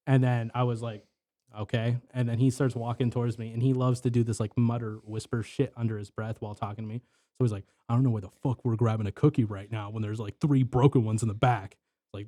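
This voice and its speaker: Dark-voiced young man, rambling casually. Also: medium pitch. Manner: rambling, heavy filler words and swearing. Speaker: guest telling work stories. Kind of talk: casual podcast chat.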